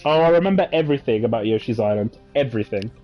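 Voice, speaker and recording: A man's voice: mid-range voice, lively intonation, rapid-fire, lo-fi sound, faint music behind. A man, chatting casually and reminiscing over gameplay with many fillers and asides. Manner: rambling, nostalgic storytelling with many fillers. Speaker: gaming channel host.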